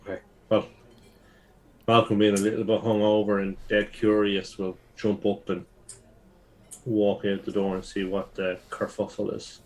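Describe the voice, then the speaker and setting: Player, fairly low voice, casual and thoughtful. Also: male voice, completely flat delivery, unhurried. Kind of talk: tabletop game chat.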